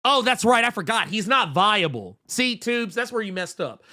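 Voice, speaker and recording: Man, podcast co-host, bright tone, swinging pitch, heated profane rant, stumbling restarts. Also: very animated, a little fast, hardly any pauses. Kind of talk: casual comics podcast chat, reading viewer messages.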